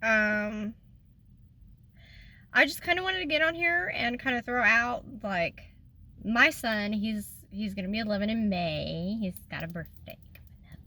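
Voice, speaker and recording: A woman's voice: medium pitch, expressive, measured pace, sharp tone. A woman, talking in a rambling, emotional way in a casual personal vlog, tearful at times. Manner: rambling and emotional, trails off and restarts. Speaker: vlogger.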